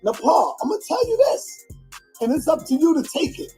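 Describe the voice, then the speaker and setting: A man's voice: extremely high pitch, sing-song, moderate pace, music in the background. A man lecturing his partner insistently during an argument on a live stream.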